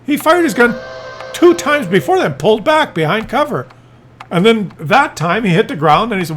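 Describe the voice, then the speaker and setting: Brief: man commentating a game replay, high voice, very lively, disbelieving. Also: moderate pace, breathy edge, faint music behind. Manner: exasperated, incredulous, animated. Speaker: gameplay commentator.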